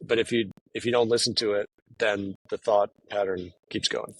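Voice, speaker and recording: A man's voice: on the low side, fairly even intonation, moderate pace, breathy edge, poor audio. A man talking casually as an interview guest, rambling with many fillers and restarts. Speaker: guest, professional poker player. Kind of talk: casual conversation.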